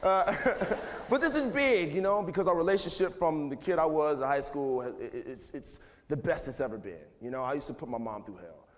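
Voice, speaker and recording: A man's voice: fairly high pitch, animated, fairly quick, hardly any pauses. Rambling man in his thirties, echoey hall. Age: 30s. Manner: loose and rambling, full of "like" and "you know", chuckles often. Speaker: speaker addressing students. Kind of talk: casual motivational talk. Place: large school auditorium. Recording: echoey hall with faint noise.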